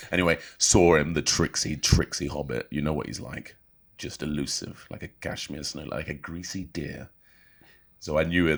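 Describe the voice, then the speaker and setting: A man, a rugby player, chatting casually on a podcast and telling stories in a relaxed, joking way. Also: a bass voice, vocal fry. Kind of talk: casual chat.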